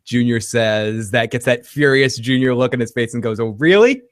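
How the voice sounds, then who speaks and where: A man co-hosting a casual TV recap chat, animated, laughing often and acting out quotes. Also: mid-range voice, moderate pace, smooth. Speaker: podcast co-host.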